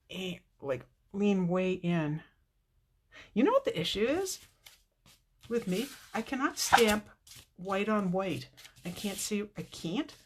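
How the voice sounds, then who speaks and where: A woman's voice: lowish voice, a little hiss or hum. A woman hosting a casual live card-making tutorial, chatting to viewers by name and laughing often.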